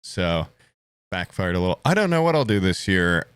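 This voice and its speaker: A man's voice: sits low, sing-song, moderate pace, fairly bright tone, clean tone, no room sound. A man co-hosting a casual podcast, cracking dry jokes and rambling through his thoughts. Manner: dry, joking asides and rambling musings. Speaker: podcast co-host.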